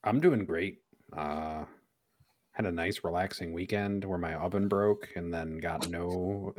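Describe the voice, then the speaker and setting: A man with a Midwestern accent, co-hosting a casual podcast in a laid-back, wry way. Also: deep voice. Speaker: podcast co-host.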